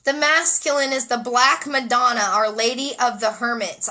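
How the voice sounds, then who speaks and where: A woman's voice: on the high side, fairly even intonation, moderate pace, few pauses, bright, forceful tone, low-quality recording. A woman giving a spontaneous spiritual card reading, dreamy and emotional, often repeating phrases. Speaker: oracle card reader and energy healer.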